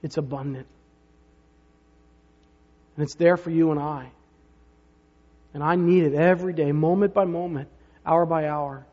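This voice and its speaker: A man's voice: fairly high pitch, fairly even intonation, unhurried, long pauses. A man preaching a sermon, telling stories in a conversational way with rhetorical asides to the congregation. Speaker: pastor. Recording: reverberant hall, dull lo-fi sound.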